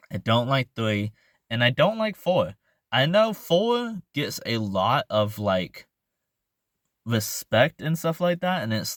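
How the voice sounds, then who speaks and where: A young man talks through a movie in a loose, rambling way, often stopping to hunt for the right word. His voice sits a bit low and his pace is unhurried. The recording is dry and close, with no room sound. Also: dry recording. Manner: rambling, filler-heavy, searches for words. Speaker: movie reviewer. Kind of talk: casual spoken movie review.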